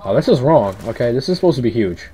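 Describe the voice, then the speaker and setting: A man's voice: mid-range voice, very animated, quick pace, dark tone, slightly rough. A man giving casual, rambling commentary while playing a horror game, easily startled and yelping at scares, on a headset mic. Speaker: let's play commentator.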